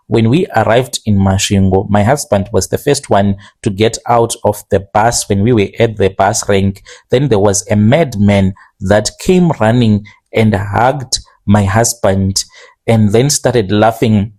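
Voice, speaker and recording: A man telling a strange first-person confession in a plain, steady way, slowing down now and then on careful phrases. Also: lowish voice. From Zimbabwe. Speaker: confession storyteller.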